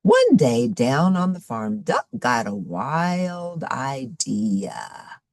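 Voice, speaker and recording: A woman's voice: extremely low pitch, huge pitch swings, drawn-out words, dry recording, studio quality. A middle-aged woman reading a picture book aloud to children, adding friendly asides about the pictures. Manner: warm asides to young listeners. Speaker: storybook reader.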